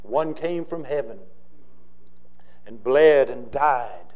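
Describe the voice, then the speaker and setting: A male pastor with a Southern US accent preaching a sermon, swinging between loud emphatic declarations and quiet, slowed phrases. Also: mid-range voice, lively intonation.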